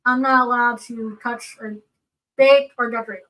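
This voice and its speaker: Bright high-voiced woman, distant mic. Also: steady tone, normal speed. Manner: earnest, explanatory, gives personal examples. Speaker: seminar co-presenter. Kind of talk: casual panel talk.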